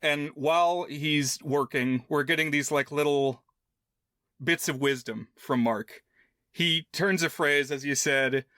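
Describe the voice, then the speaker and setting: A man's voice: a little high, slow pace, bright, forceful tone, dry recording, clean studio sound. A man co-hosting a film podcast, talking casually and thinking aloud with lots of fillers. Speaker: podcast co-host.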